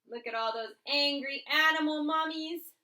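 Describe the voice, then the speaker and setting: Stubborn young girl, woman doing the voice, storybook, high-pitched, roomy echo. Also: moderate pace, bright, forceful tone. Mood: knowing. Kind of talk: storybook read-aloud.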